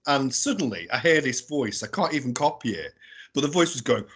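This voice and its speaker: A British man, a guest explorer, telling a story casually and in an animated way, often adding tag questions and laughing as he talks. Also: medium pitch, brisk, a little hiss or hum. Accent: British English. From England. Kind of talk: casual storytelling on a radio show.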